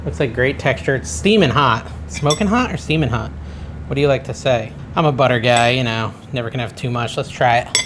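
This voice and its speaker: A man's voice: medium pitch, fairly quick, background noise. Chatty man thinking aloud in kitchen. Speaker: cooking channel host. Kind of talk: casual cooking vlog. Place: home kitchen.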